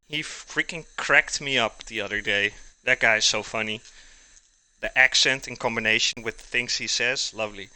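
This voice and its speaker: Guy cooking on a live stream, really bright punchy voice, chatty and laughing a lot with his viewers. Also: mid-range voice, moderate pace, dry recording. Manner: chatty, jokey, laughs often, reads out and answers chat. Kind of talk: casual chat with viewers while cooking. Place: home kitchen.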